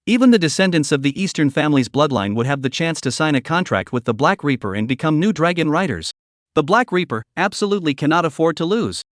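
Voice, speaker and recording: A man narrating a fantasy comic story recap in a steady, even reading. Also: on the high side, quick pace, no echo, clean studio sound.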